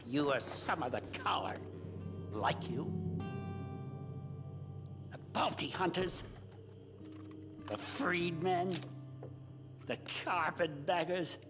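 An actor playing a bitter, proud raider leader in a video game, speaking slowly and with contempt. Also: male voice, high voice, heavily acted. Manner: slow, contemptuous speech.

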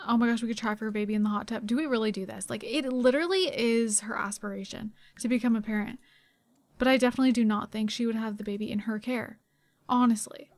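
Excitable young woman with a higher voice. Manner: excitable and chatty, gasps and giggles often. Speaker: gaming channel host. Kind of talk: casual gameplay commentary.

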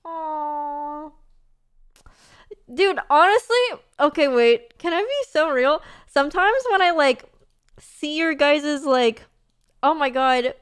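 A woman's voice: high-pitched, expressive, slow pace. A young woman streaming, chatting casually and reading messages, bubbly and gushing with lots of fillers and laughs.

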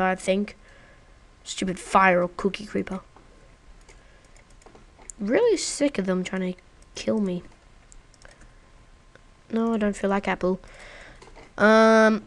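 A woman's voice: mid-range voice, takes it slowly, long pauses. Woman, casual gameplay commentator, chatty and playful. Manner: chatty and playful, talking to the viewer. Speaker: gaming video creator. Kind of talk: casual let's-play commentary.

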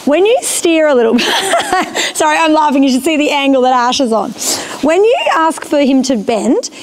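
A woman's voice: high-pitched, expressive, moderate pace. A woman instructing a rider in a riding arena, encouraging and often checking that she understands. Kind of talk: live coaching of a rider.

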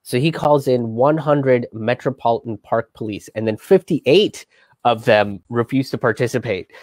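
A man's voice: medium pitch, moderate pace, a little mellow, dry recording. A man hosting his own show, telling history in a loose, rambling way with lots of fillers and a wry, profane edge. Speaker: comedian and show host. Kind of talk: casual history commentary.

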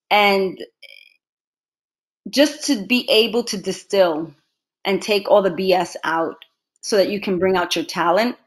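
With a mid-range voice, this woman from the United States is an actress being interviewed. She keeps the chat casual, spinning lively stories and laughing frequently.

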